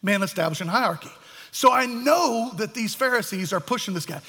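High, bright-voiced man preaching. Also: a little fast. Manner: animated, acts out voices of biblical figures. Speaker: pastor. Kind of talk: sermon. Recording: echoey hall.

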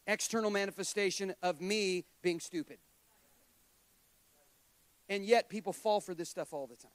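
A man's voice: high-pitched, dry recording. A middle-aged man preaching a sermon to a congregation, conversational and joking, with self-deprecating asides. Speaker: guest preacher.

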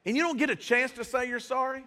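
A man's voice: very high-pitched, steady tone, fast talker, pushed and bright. A man preaching a sermon as pastor in a casual, slangy style, speaking in a church. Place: church sanctuary. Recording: reverberant church hall.

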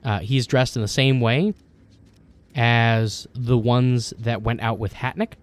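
Male game master, mid-pitched voice, descriptive narration, hesitant fillers. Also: steady tone, slow.

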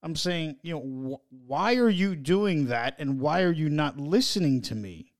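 A man co-hosting a parenting podcast in casual chat, animated and quick to swear, often stammering through restarts. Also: on the high side. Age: adult parent. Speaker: podcast co-host.

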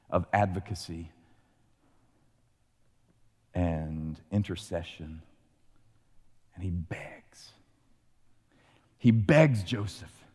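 A man preaching a sermon, retelling a scripture story with lively acted-out voices. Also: fairly low pitch, big-room sound. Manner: animated storytelling, acting out voices. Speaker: pastor.

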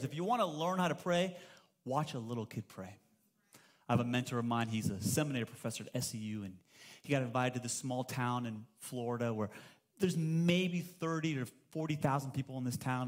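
A man in his thirties preaching a sermon as pastor at a church service, telling stories with playful acted-out voices and humor. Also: fairly high pitch.

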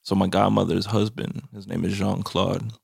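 A man's voice: deep voice, flat delivery, normal speed, vocal fry, slightly rough, no room sound, clean studio sound. A man co-hosting a casual podcast, telling stories in a loose, profane way with lots of filler words. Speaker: podcast co-host. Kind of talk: casual chat.

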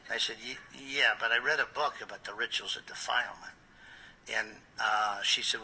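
A man who is a pastor, telling a first-person story with intensity, quoting dialogue back and forth and sometimes dropping to a hushed voice. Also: fairly low pitch, steady tone, moderate pace, slight background noise, low-quality recording.

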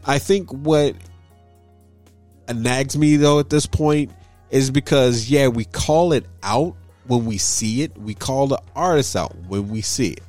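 A man co-hosting a casual chat, talking in an earnest, measured way and restarting phrases. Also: mid-range voice, a little mellow, no room sound, soft background music.

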